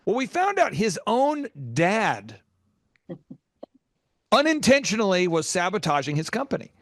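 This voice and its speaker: Man, business podcast host, energetic, emphatic, slightly high voice, dry close sound. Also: unhurried, no room sound.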